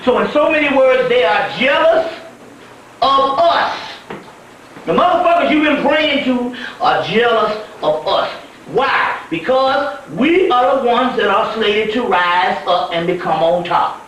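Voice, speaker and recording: A man giving a spiritual lecture, telling stories in a profane, animated way. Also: very high-pitched, a little slow, slight background noise. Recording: echoey room heard from far off.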